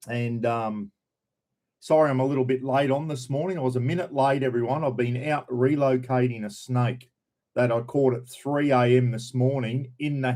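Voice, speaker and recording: An older Australian man is hosting a casual live stream, greeting viewers by name in a chatty, blunt manner and swearing freely. His voice is mid-range and dark in tone.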